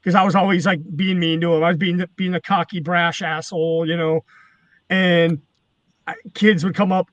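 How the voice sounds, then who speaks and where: A man's voice: high-pitched, brisk, dry recording, highs cut off. A man, a former wrestling manager, telling rambling, profane stories in casual chat. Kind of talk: casual storytelling.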